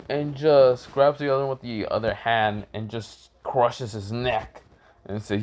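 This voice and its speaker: A man's voice: medium pitch, fairly even intonation, unhurried. Rambling, casual male storyteller. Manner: rambling, with many fillers and profanity.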